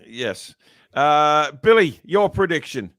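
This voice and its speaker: A man's voice: fairly high pitch, animated, slow, a bit bright, no echo, clean studio sound. A man hosting a live fan podcast, rambling and teasing with plenty of ums and uhs. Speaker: podcast host.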